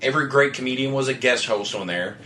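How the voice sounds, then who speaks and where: A man's voice: medium pitch, quick pace, sharp tone. A man co-hosting a casual podcast chat, swearing often and laughing a lot. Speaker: podcast co-host.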